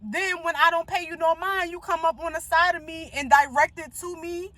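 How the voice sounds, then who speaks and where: A woman's voice: very high voice, moderate pace. A grown woman telling a heated storytime rant, emphatic and full of profanity. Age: adult. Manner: emphatic, profane, animated retelling. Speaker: vlogger.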